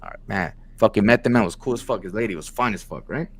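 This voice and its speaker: A young man with a low but lively voice. He tells a story in casual podcast chat, full of slang and swearing, and acts out the people he quotes. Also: quick pace, breathy edge. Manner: slangy, profane storytelling, animated quoting. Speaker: podcast co-host.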